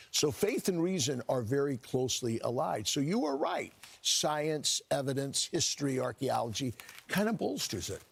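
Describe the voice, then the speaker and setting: A man's voice: medium pitch, gravelly, breathy edge. An older man, a cardinal, chatting folksily on a morning talk show. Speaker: cardinal guest.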